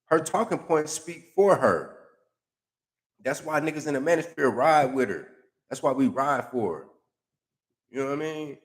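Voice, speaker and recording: A man reading out and mocking comments in casual, profane commentary, with heavy slang and a sarcastic, animated delivery. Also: mid-range voice, normal speed, pauses often. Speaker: YouTube commentator.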